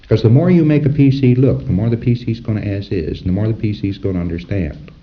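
A man's voice: lowish voice, fast, muffled recording. A man giving an informal lecture to trainees, talking conversationally and acting out little dialogues. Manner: conversational, acts out dialogues and chuckles at his own examples.

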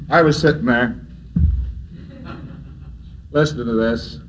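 A man's voice: mid-range voice, slow, a little hiss or hum, rough recording. A man giving an anecdotal lecture who chuckles often and acts out dialogue in his stories.

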